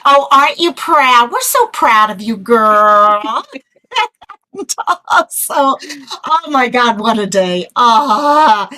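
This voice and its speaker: A woman hosting a casual livestream chat, excitable and rambling as she greets viewers and a guest. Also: on the high side, takes it slowly, low-quality recording. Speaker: livestream host.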